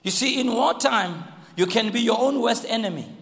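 South African bishop, very lively swooping delivery, fervent repeated calls, long hall reverb. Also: male voice, extremely high pitch, moderate pace, creaky. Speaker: bishop preaching. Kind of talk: live sermon. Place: large church hall.

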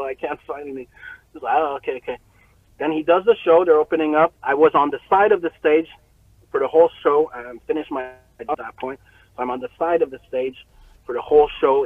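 A man casually telling a long story, animated and profane, often laughing as he talks. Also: a little high, dry recording, phone-quality sound.

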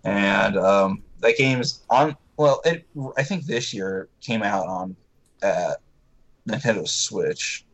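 A man's voice: fairly low pitch, expressive, takes it slowly, a bit bright, poor audio. Easygoing man reading gaming news. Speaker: podcast co-host reading news. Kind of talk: casual podcast news rundown.

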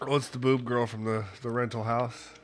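A man's voice: medium pitch, little pitch movement, normal speed. A man co-hosting a podcast, joking and laughing in casual chat with his friend. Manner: wisecracking and laughing. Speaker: podcast co-host. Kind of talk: casual chat reacting to a show.

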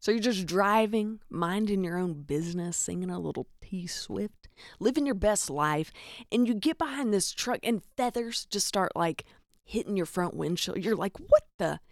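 Young Southern woman, comedic podcast host, gravelly fry, dry close mic. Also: medium pitch, animated, normal speed, no echo. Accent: Southern American. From American South. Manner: chatty, self-deprecating, lots of "like". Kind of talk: comedic storytelling monologue.

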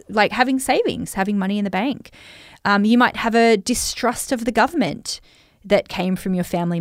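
A woman's voice: mid-range voice, no room sound. Chatty Australian woman, dry close sound. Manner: chatty, reflective, lots of fillers. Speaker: money coach. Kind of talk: talking straight to listeners.

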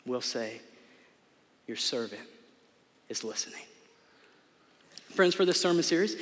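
Male pastor, slightly high voice, earnest conversational sermon, long reverb of a church hall. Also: a bit bright. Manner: conversational, earnest, with filler words. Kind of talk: sermon with storytelling and prayer. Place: church sanctuary.

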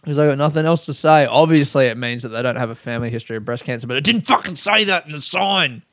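A man's voice: medium pitch, lively intonation, fast, a bit bright, dry recording, studio quality. A young man hosting a solo podcast, rambling candidly, swearing freely and laughing at himself. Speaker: podcast host.

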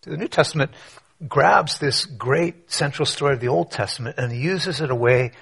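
A man preaching a conversational sermon, telling a story with rhetorical questions and quiet asides. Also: mid-range voice, moderate pace, creaky, breathy edge. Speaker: pastor.

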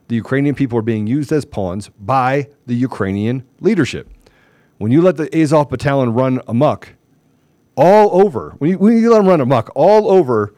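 A man's voice: medium pitch, normal speed, no echo. A man hosting a political commentary show, telling stories emphatically and acting out the dialogue. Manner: emphatic, animated storytelling with quoted dialogue. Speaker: show host.

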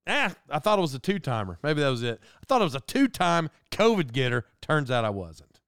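In a dry, clean studio recording, a middle-aged man with a clean-toned voice on the high side talks a little fast. He hosts a casual monologue, telling rambling stories with animated self-mockery.

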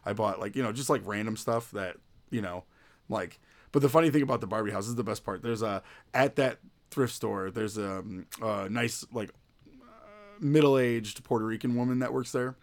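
A man in his thirties tells stories in a loose, rambling way, filling his sentences with "like" and "you know." His voice sits a little low, and he keeps it in casual podcast-chat mode. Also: normal speed. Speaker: podcast co-host.

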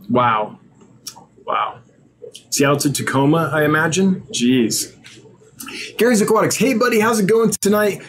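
A man's voice: on the high side, slight background noise. A man with a somewhat raised voice hosts a live stream, reading out viewer names and chatting in a loose, casual way. He sounds tired and now and then trips over a word. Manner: reads usernames aloud, chatty, stumbles over words.

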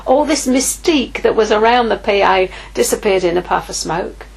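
Husky woman preaching candidly. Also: mid-range voice, normal speed, low-quality recording. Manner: candid, conversational, acts out inner dialogue. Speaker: ministry leader preaching. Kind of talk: informal sermon with personal story.

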